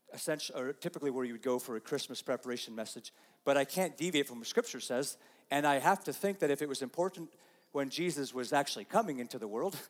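A pastor giving a conversational sermon, dropping to soft, slow asides and rising to loud, emphatic lines. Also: male voice, medium pitch, in a large hall. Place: church sanctuary.

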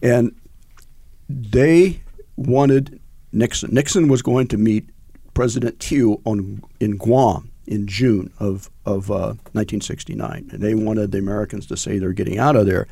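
Older man, gravelly, dark low voice, rambling with fillers, dry close sound. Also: fairly even intonation, measured pace, dry recording. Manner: rambling, many fillers and restarts. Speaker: veteran interviewee. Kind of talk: conversational recollection.

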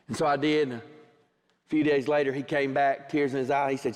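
A man's voice: a little high, lively intonation, quick pace. A middle-aged man preaching a sermon, telling a personal story and acting out both sides of the conversation. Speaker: pastor. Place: church sanctuary. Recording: long hall reverb, church sanctuary.

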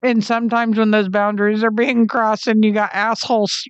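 A woman's voice: mid-range voice, level tone, normal speed, clear, resonant tone, dry recording, dull audio. A woman co-hosting a podcast in casual chat, blunt and joking, swearing freely. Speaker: podcast co-host.

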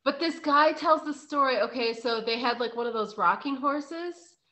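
A woman's voice: sits high, moderate pace, pushed and bright. A young woman hosting a podcast, chatting casually, laughing often and swearing now and then. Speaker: podcast host. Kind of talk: casual chat.

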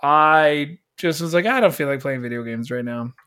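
A man's voice: on the high side, normal speed, fairly bright tone, clean tone. A man co-hosting a podcast in casual, jokey chat. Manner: easygoing, jokey. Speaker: podcast co-host.

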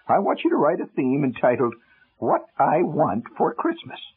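A man's voice: a little high, wildly swooping pitch, moderate pace, husky, exaggerated voice. A man voicing a prim middle-aged female schoolteacher giving her class an assignment. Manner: prim, instructing. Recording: tinny old radio broadcast with music.

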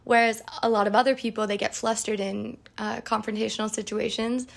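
A woman's voice: fairly high pitch, little pitch movement, brisk, gravelly. A young woman hosting a podcast, answering listener questions in a chatty, candid way with playful asides. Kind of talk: casual advice chat.

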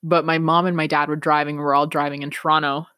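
A woman's voice: sits low, level tone, fast, pushed and bright, smooth, no echo, clean studio sound. A young woman hosting a podcast, telling a personal story in an earnest, reflective way and laughing now and then. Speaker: podcast host.

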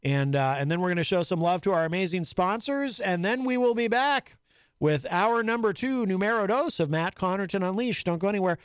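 Teasing radio host, dry studio sound. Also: male voice, high-pitched, expressive, fairly quick, clean tone, no echo. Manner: teasing, laughs easily. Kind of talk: casual talk radio banter.

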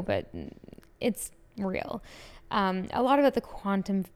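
Gushing young woman podcaster, smooth voice. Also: mid-range voice, measured pace, darkish tone. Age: 20s. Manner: gushing, enthusiastic, many "like" fillers. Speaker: podcast host. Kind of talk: casual solo podcast chat.

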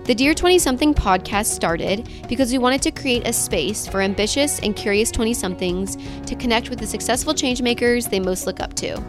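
A woman's voice: on the high side, fairly quick, hardly any pauses, music in the background. Bubbly woman podcast host. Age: 20s. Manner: bubbly, enthusiastic. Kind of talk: scripted intro, then casual interview chat.

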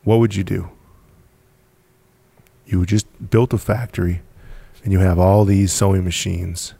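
Gravelly deep-voiced man, blunt and driven. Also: steady tone, a little slow, mellow, no echo. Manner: blunt, driven, swears casually, laughs between points. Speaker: podcast guest, apparel company founder. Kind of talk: casual storytelling interview.

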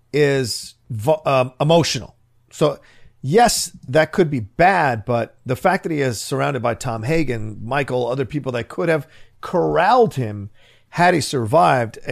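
A man co-hosting a film podcast in a casual chat, animated and rambling, often laughing. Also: medium pitch, vocal fry. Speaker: podcast co-host.

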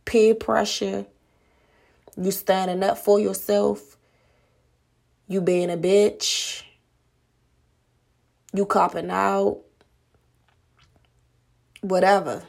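A woman's voice: on the low side, vocal fry, darkish tone. A woman podcast host giving a blunt, profane motivational monologue full of rhetorical questions.

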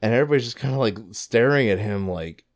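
Animated, profane storytelling man. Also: fast. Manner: animated, profane, jumps into high excited voices for quotes. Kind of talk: casual storytelling chat.

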